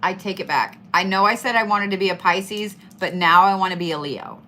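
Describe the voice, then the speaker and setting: A woman's voice: mid-range voice, a little fast, pushed and bright. A middle-aged woman giving casual, playful zodiac tarot readings, swearing freely and hyping up her listeners. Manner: swearing, playful, hyped-up and chatty.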